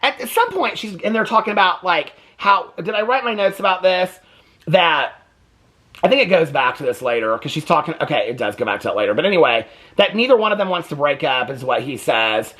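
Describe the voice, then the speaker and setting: A gossipy man recaps reality TV in a casual, profane way, full of sass. His pitch swings widely as he talks. There is a husky, slightly breathy texture to his voice. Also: brisk. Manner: animated. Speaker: host.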